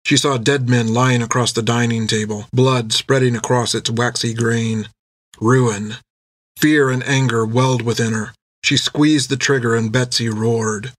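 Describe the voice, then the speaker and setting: A man's voice: mid-range voice, fairly even intonation, a little slow, no room sound. Man narrating an audiobook, dry close sound. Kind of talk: scripted narration.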